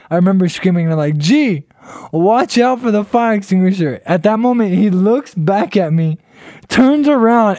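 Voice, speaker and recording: A young man with a fairly high voice tells a story among friends, quick and animated, with a lot of swearing and frequent laughter. The sound is dry and close. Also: no echo. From Southern California.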